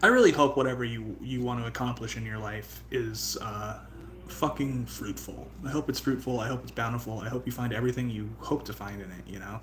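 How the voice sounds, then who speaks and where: A young man chats casually on a livestream, rambling and profane before turning heartfelt. His medium-pitched voice is a bit bright and fairly quick, with slight background noise.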